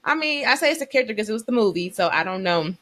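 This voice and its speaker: A woman co-hosting a faith podcast, chatting casually in an animated, emotional way. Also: medium pitch, very fast. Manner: animated, emotional storyteller, Southern US dialect forms. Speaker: podcast co-host. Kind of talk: casual chat.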